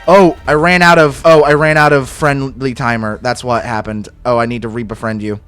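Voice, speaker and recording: A man's voice: mid-range voice, fairly even intonation, moderate pace, a bit bright, clean tone, soft background music. A young man giving casual, profane gameplay commentary, exasperated and talking to his in-game animals. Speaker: gaming video creator.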